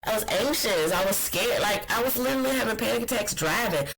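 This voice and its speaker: A podcast host talking alone in a rambling, blunt and profane way, getting heated and often trailing off to think out loud. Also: mid-range voice, expressive, brisk, gravelly, a little hiss or hum, low-quality recording. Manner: heated, ranting. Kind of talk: casual solo podcast monologue.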